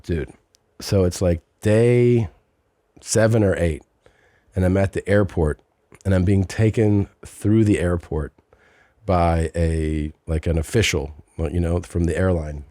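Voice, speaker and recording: A man's voice: sits low, slow pace, mellow, no room sound, clean studio sound. A man hosting a podcast, telling a long story in casual chat and slipping into mocking voices. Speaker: podcast host.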